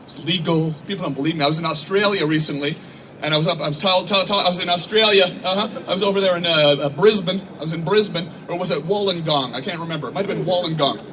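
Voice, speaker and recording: A man's voice: a little high, fast talker, sharp tone. A man in his thirties doing a rambling stand-up comedy set for troops, acting out voices and swearing a lot. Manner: rambling storytelling, acts out voices, frequent swearing. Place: outdoor military base show. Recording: far-off mic, noisy open-air ambience.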